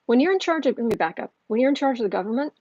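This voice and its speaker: A woman's voice: fairly high pitch, lively intonation, racing, a little mellow, breathy edge, muffled recording. Worked-up woman venting on a livestream. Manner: heated, ranting, frequent restarts. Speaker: tarot reader and channel host. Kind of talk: livestream tarot reading with chat.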